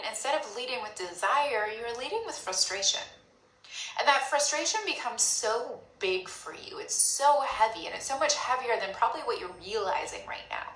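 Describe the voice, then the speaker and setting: Bright-voiced woman coaching in an echoey room. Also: on the high side. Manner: animated, acts out inner voices. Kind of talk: coaching talk to a group.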